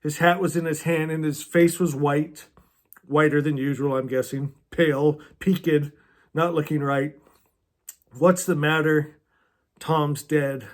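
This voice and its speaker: Earnest, high-voiced man talking books. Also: fairly even intonation, measured pace. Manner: earnest, chatty, laughs often. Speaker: book club host. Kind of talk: casual book discussion and reading aloud.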